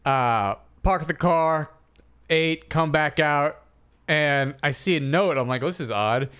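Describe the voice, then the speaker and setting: A man in his thirties co-hosting a comedy podcast, telling stories in a casual, animated way and acting out quotes. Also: a little high, takes it slowly, smooth. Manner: animated storyteller, acts out quotes. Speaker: podcast co-host.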